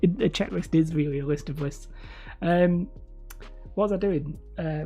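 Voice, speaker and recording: Host of a live stream: a low, husky-voiced woman with a slight lisp, rambling and correcting herself, with faint music behind. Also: normal speed, dark tone. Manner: rambling, self-correcting, laughs often. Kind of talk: casual livestream chat.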